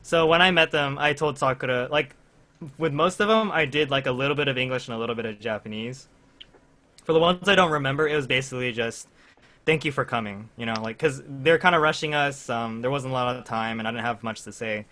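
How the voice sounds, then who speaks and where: A man's voice: mid-range voice, fairly quick, pushed and bright. A young man casually chatting with friends on a podcast, rambling through a story with lots of fillers and laughter. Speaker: podcast co-host. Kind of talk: casual chat among friends.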